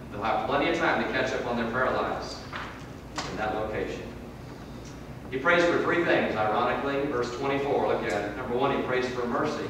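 A man preaching a sermon in a church, swinging from loud emphatic peaks to low, quiet drops. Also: slight background noise. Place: church hall. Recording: echoey hall from far off.

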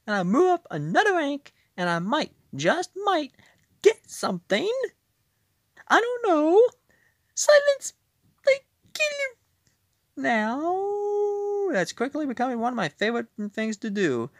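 A woman doing a goofy squeaky gamer voice. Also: sing-song, unhurried, pauses often, dry recording, studio quality. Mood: excited. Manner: stretched words with "uh" fillers between them, playful. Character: goofy squeaky over-the-top gamer voice, adult. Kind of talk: playful put-on voice while gaming.

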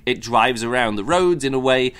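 A man's voice: mid-range voice, animated, normal speed, fairly bright tone, smooth. A man hosting a podcast, giving a casual spoken book review in a rambling way, with many fillers and restarts, now and then mimicking characters mockingly.

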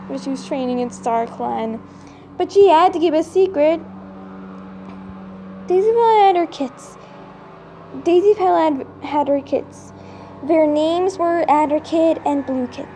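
A woman reading her own fan story aloud, halting now and then to restart and fix words. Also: high voice, noisy background. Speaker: storybook reader.

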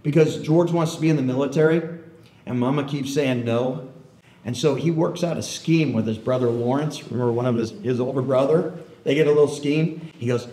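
A man, a historian, tells an animated story to an audience and keeps checking in with them. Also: mid-range voice, a little fast. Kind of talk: storytelling lecture. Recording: roomy hall echo.

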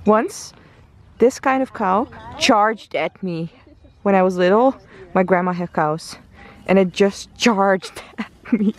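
A young woman chatting excitedly on her travel vlog, gushing and laughing often. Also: mid-range voice, measured pace. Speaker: travel vlogger. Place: outdoors in countryside and indoors at breakfast.

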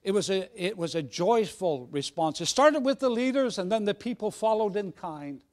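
A man's voice: sits high, animated, normal speed. A man preaching a sermon in a jovial, conversational way with frequent restarts. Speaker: guest preacher.

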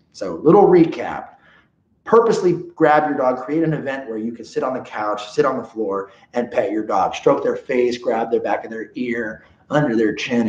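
Animated man teaching dog training. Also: fairly low pitch. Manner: animated, checks in often with okay and right. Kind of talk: live training seminar. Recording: roomy, dull lo-fi sound.

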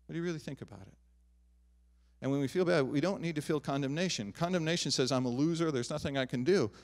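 A middle-aged man preaching a sermon as pastor, swinging from loud emphatic declarations to soft, quiet asides. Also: a little high, fast talker. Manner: animated preaching, rising loud on emphatic lines, dropping soft on personal asides. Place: church sanctuary.

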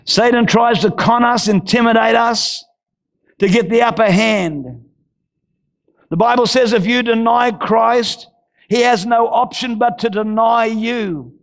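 High, gravelly preacher man. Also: unhurried. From Australia. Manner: fervent preaching, bursts into shouting. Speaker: pastor. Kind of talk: sermon.

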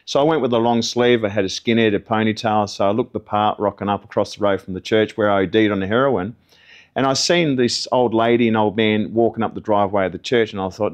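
A man's voice: lowish voice, steady tone, fast. Earnest man telling his story. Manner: earnest, conversational storytelling with acted quotes. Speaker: testimony guest. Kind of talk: personal testimony.

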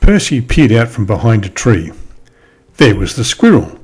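A man reading a children's story aloud in an expressive storytelling manner. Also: on the low side, normal speed, husky, faint music behind. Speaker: storybook reader.

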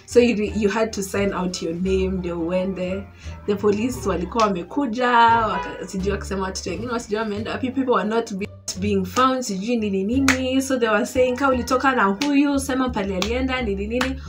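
A young Kenyan woman with a Kenyan accent, telling an animated storytime in a casual vlog. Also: medium pitch, brisk, music in the background. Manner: animated, code-switching English and Swahili slang. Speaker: vlogger.

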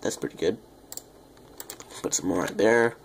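A young man rambling through casual game commentary, self-deprecating and chatty with viewers, with a quiet voice that sounds off the mic. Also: fairly low pitch, unhurried, gravelly, slight background noise. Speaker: gaming YouTuber. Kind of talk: casual Let's Play commentary.

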